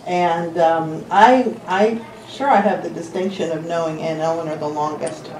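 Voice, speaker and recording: A woman's voice: low voice, steady tone, normal speed. Woman telling funny family stories at a dinner, roomy echo, mic far off. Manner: warm, laughing storyteller. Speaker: relative sharing memories. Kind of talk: casual storytelling at a memorial dinner. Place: dinner gathering in a room. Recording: distant mic in an echoey, noisy room.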